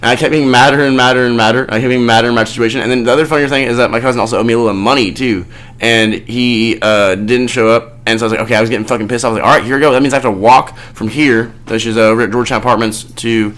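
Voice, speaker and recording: A man hosting a podcast, telling a rambling story in casual chat with lots of swearing and animated outbursts. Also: mid-range voice, rapid-fire. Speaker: podcast host.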